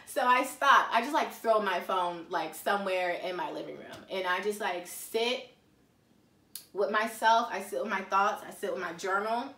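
A woman vlogging about faith and life in a casual, slangy, animated way. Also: mid-range voice, normal speed. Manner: chatty, slangy, animated storytelling. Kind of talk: casual confessional talk. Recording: echoey room, mic at a distance.

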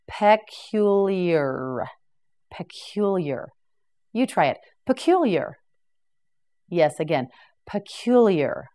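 A woman teaching English vocabulary to beginners, who says each word slowly and repeats it, with brief praise like "correct" and "well done". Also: fairly low pitch, dark tone. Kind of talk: slow, clear vocabulary drill for beginners.

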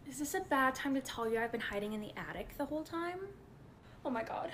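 A woman's voice: high voice, lively intonation, quick pace, a bit bright. A woman performing a short acted skit, delivering snappy theatrical lines and switching between personas.

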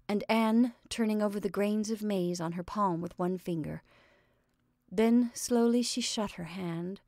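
A woman's voice: medium pitch, a little mellow, dry recording. Woman reading a story, dry close sound. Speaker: reader. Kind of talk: reading a short story aloud.

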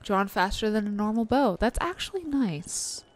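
A woman's voice: medium pitch, big pitch swings, moderate pace. A young woman co-hosting a let's play, chatting casually and swearing freely while playing. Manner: swears freely, laughs often. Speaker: co-host of a gaming channel.

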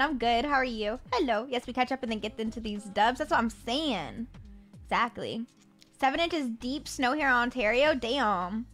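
Rambling young woman streamer, higher voice. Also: a bit bright. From Florida Panhandle, USA. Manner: rambling, filler-heavy, stumbles over words. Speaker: live streamer. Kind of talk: casual live-stream chat with viewers. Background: faint music.

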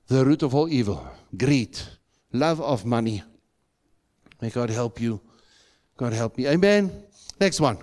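A man preaching from the pulpit, his voice leaping up in pitch and volume to drive each point home. He quizzes the congregation with rhetorical questions, at a middling pitch for a man. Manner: emphatic preaching with sudden rises in pitch and loudness. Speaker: pastor. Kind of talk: sermon. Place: church sanctuary.

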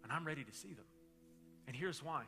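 A middle-aged man preaching a sermon as pastor, telling stories in a loose, conversational way and swinging between loud bursts and hushed moments. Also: a little high, lively intonation, brisk, creaky, soft background music.

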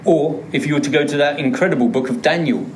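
A man's voice: fairly high pitch, fast talker, a little mellow, slight background noise. A male pastor preaching a sermon, driving points home by repeating words for emphasis. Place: church.

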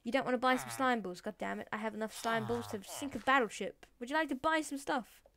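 A woman's voice: on the high side, quick pace, crowd noise. A woman giving casual Minecraft gameplay commentary, chatting to the mobs and villagers and swearing playfully as she goes. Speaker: Minecraft let's player.

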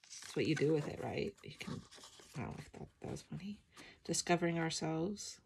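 Brief: middle-aged woman, sleepy gravelly low voice, reflective art-journal vlog, noisy recording. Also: expressive, moderate pace. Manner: soft, emotional, reflective, many ums. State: sleepy morning voice. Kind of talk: casual flip-through chat.

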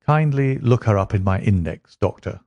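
A man voicing a cool, sharp-minded male detective in a dry, clipped manner, his voice lifted a little above his narrating voice. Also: fairly low pitch, lively intonation, normal speed, no room sound, highs cut off, natural voice.

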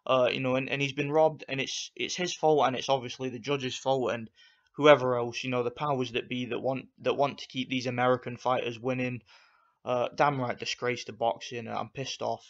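A man's voice: mid-range voice, flat delivery, moderate pace, highs cut off. A man giving an angry, profane rant as he reviews a boxing fight for his channel, repeating himself and piling on insults. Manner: angry, profane, repetitive ranting.

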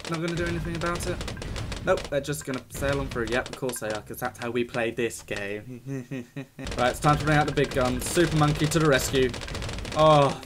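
A young man giving jokey, excitable commentary while playing a video game, talking to the screen as he goes. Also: medium pitch. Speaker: gaming YouTuber. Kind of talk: casual let's-play commentary.

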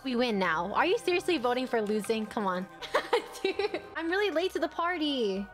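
A young adult woman chatting casually and excitably while commentating her own gameplay, quick to laugh and to yell at the screen. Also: high-pitched, soft background music. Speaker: gaming streamer.

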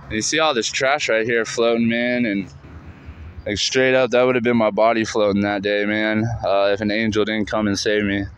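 Bright-voiced man telling a rough story. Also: lowish voice, fairly even intonation, moderate pace, rough recording. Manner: loose, rambling talk full of "like" and "man", with swearing. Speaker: vlogger recounting his recovery. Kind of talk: casual spoken storytelling on location. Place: outdoors beside a canal near a street.

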